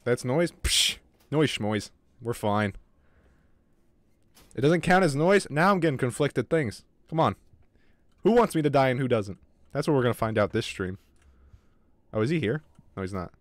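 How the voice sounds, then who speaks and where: A man at mid pitch gives live commentary on a game and talks straight to his chat. He is jumpy and swears freely. The sound is dry and close to the mic. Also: lively intonation, moderate pace, long pauses, no echo. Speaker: gaming streamer.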